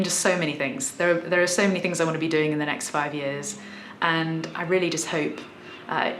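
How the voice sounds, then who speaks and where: A woman's voice: sits low, a bit bright, roomy sound, a little hiss or hum. A woman in her thirties with a southern English accent, chatting thoughtfully in a casual question-and-answer vlog. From south of England. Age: 30s. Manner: chatty, thoughtful, many small restarts. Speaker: musician vlogger.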